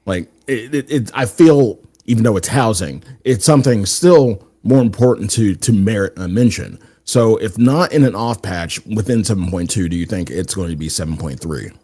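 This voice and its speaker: A man's voice: fairly low pitch, expressive, normal speed, hardly any pauses, warm tone, slightly rough. A man co-hosting a casual discussion show, hesitant and often restarting his words. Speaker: podcast co-host. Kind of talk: casual chat.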